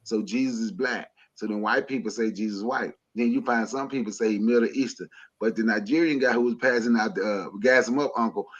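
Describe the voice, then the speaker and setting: A man's voice: lowish voice, brisk. A man telling a story on a call-in livestream, laughing as he goes. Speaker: caller. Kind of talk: casual storytelling on a call-in stream. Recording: slightly dull lo-fi line.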